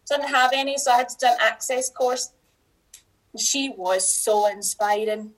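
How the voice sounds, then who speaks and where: A woman's voice: a little high, moderate pace, low-quality recording. A middle-aged woman from Scotland with a Scottish accent, a teacher talking casually as a podcast guest, chatty with frequent restarts and laughs.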